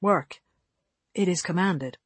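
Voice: medium pitch, slow pace, slightly rough, no room sound. A narrator doing a solemn robed cult captor. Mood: commanding. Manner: stiff, formal, commanding.

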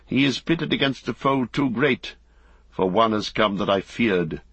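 A man voicing an old male wizard, grave and commanding, with a measured, solemn delivery. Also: lowish voice, lively intonation, fairly bright tone, husky, no echo, dull audio, heavily acted.

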